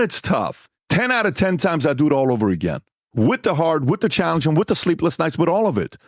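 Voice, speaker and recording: Animated, emphatic man telling stories. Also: fairly high pitch, brisk, dry recording, clean studio sound. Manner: emphatic, repeats himself, acts out dialogue. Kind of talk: animated storytelling chat.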